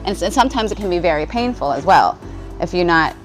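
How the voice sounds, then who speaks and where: Chatty rambling woman with soft music behind. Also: lowish voice, expressive, fast. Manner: chatty, rambling, many likes and you guys. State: smoking while talking. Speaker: spiritual vlogger. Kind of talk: casual confessional monologue.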